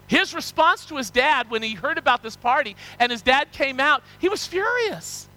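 A male preacher with a notably high voice delivers a sermon, retelling parables with animated energy. His tone is bright and ringing, and he often restarts or repeats words as he talks. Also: normal speed, hardly any pauses, low-quality recording. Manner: animated storytelling, acting out parable characters. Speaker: pastor.

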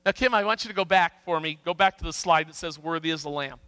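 A man's voice: sits high, fast, no room sound, long reverb tail. A man preaching as a pastor, leading his congregation and coaxing them to speak up together. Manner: animated, coaxing congregation to respond. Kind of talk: sermon. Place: church sanctuary.

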